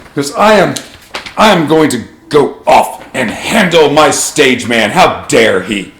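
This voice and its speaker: A man's voice: medium pitch, expressive, unhurried, a bit bright, a little hiss or hum. Guy doing a huffy tipsy noble dandy, all offended, roomy echo. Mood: indignant. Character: haughty young noble dandy, drunk and indignant.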